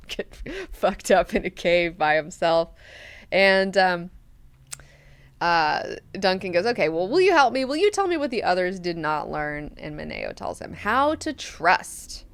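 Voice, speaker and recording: A woman's voice: on the low side, fairly bright tone, smooth, no room sound. A woman hosting a book club, casually recapping chapters with frequent swearing and laughing. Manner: casual, profane, laughs often.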